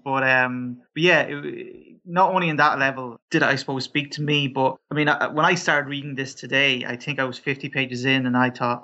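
A man's voice: mid-range voice, sharp tone. A man from Ireland with an Irish accent, speaking hesitantly as a podcast panelist, with many ums and restarts. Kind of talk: casual discussion. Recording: dull lo-fi sound.

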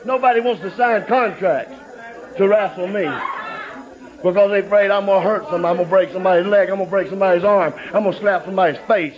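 A man's voice: high-pitched, fast talker. A man cutting a boastful, taunting wrestling promo in an archival interview. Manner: boastful, taunting, repetitive threats. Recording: lo-fi old TV audio with crowd.

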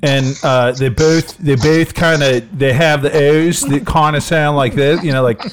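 A man's voice: fairly high pitch, fairly even intonation, measured pace, a little hiss or hum. Hesitant man, podcast guest. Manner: hesitant, lots of fillers. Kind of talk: casual chat.

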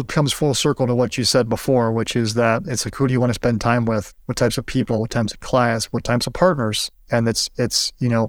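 Male podcast host, mid pitch, dry mic, loose and rambling. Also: dry recording. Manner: rambling, searching questions with fillers. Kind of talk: conversational interview.

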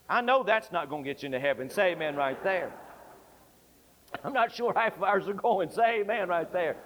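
A male pastor delivers an impassioned sermon, repeating his appeals with fervent emphasis. His voice is pitched very high for a man. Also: animated, brisk, a bit bright, slight background noise. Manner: fervent, emphatic, repetitive exhortation.

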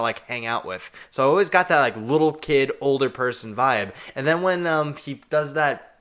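A man's voice: mid-range voice, fairly bright tone. A man, co-hosting a casual movie chat podcast with blunt, jokey remarks. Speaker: podcast co-host.

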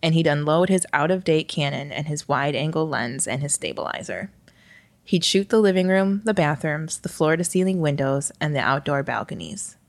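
A woman reads a story aloud with a wry, lightly expressive delivery. Her voice sits very low for a woman, and the recording is dry and close, with no room sound. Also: moderate pace, creaky, no echo. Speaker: narrator. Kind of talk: scripted storytelling narration.

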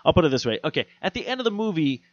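A man co-hosting a podcast, chatting casually about movies, swearing freely and animated, dropping into quick mock voices. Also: on the high side, no echo, lo-fi sound. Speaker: podcast co-host. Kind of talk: casual chat.

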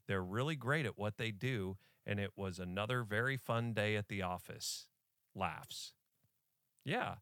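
A man's voice: on the low side, normal speed, few pauses, fairly bright tone, clean tone, no room sound, clean studio sound. A man hosting a podcast in casual chat, jokey and often laughing. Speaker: podcast host.

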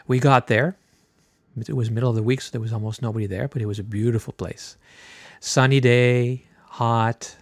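A middle-aged man telling a personal story in a loose, casual way, often pausing on "uh" and "um". His voice sits at an ordinary male pitch. It is recorded close and dry, with no room sound. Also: no echo. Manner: relaxed, chatty, frequent filler words. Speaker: podcast host.

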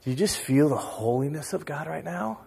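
A man prays in a soft, husky voice, fairly high for a man. He speaks slowly and intimately in a church sanctuary. A long reverb of a large hall trails behind him. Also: lively intonation. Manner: slow, hushed, intimate prayer. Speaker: worship leader. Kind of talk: prayer over music.

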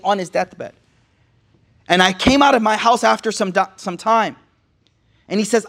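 A man's voice: high-pitched, a bit bright. A man preaching, retelling a story with casual slang and Arabic quotes mixed in. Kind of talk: sermon storytelling.

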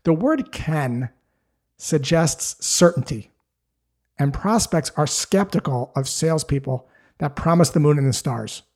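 A man's voice: a little high, lively intonation, measured pace, a little mellow. A man giving a scripted, direct instructional talk as a sales coach, explaining things steadily.

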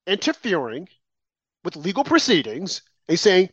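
A political commentator with a fairly high, expressive voice gives an opinionated monologue at a moderate pace, emphatic and repetitive, with mocking asides. The audio is dry, slightly muffled and lo-fi, with no room sound.

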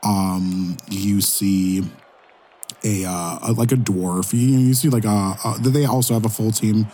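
A man narrating as game master of a tabletop role-playing game. His voice sits low and warm, unhurried and mellow. He describes scenes in a loose, rambling way, padded with fillers. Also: fairly even intonation, slightly rough.

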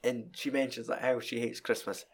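A young man with a Scottish accent talks casually and animatedly, swearing often and breaking into quick acted-out bits. His voice sits at an ordinary middle pitch. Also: husky. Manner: animated, swears freely, acts out scenes with quick voices and laughter. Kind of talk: casual chat.

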